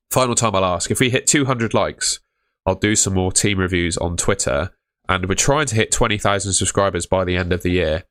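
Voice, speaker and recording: Young male streamer, low voice, dry close sound, offhand and chatty. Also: a bit bright, no room sound. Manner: offhand, matter-of-fact, calls viewers mate. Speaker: fantasy football livestream host. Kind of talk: casual livestream chat reading viewer questions.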